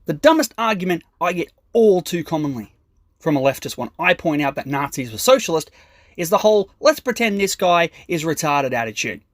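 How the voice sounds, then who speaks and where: A man's voice: on the high side, sing-song, fairly quick, no room sound, clean studio sound. A man doing an aggressive, profane stand-up comedy rant, mocking and sarcastic.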